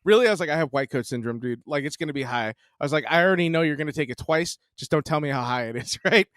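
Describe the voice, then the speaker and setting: Animated, profane man in his forties. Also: fairly high pitch, fast talker, no echo. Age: 40s. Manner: profane, animated, laughs often. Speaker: podcast co-host. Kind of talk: casual storytelling chat.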